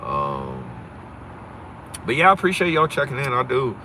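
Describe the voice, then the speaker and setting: A man from Pennsylvania talking fast and profanely on a casual livestream, swaggering and rambling, recorded on a phone outdoors. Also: medium pitch, huge pitch swings, pushed and bright, a little hiss or hum.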